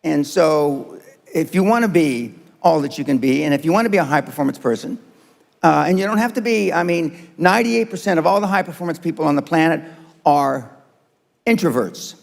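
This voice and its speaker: Gravelly old guy in his 70s, kinda high voice, blunt and cussing at a crowd, big hall echo. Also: lively intonation, a little fast. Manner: blunt, profane, lecturing. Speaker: motivational speaker. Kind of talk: live seminar speech to an audience. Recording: long hall reverb.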